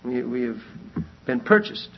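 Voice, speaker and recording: Man, Bible teacher, lecture, husky voice, earnest, repeats key points, muffled lo-fi recording. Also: medium pitch, big pitch swings, unhurried. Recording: dull lo-fi recording.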